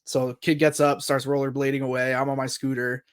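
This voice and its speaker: A man in his thirties telling a long story on a casual podcast. He talks in a loose, animated way, swears freely, and drops into quick voices for the people in the tale. His pitch sits at an average level for a man. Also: smooth. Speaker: podcast co-host.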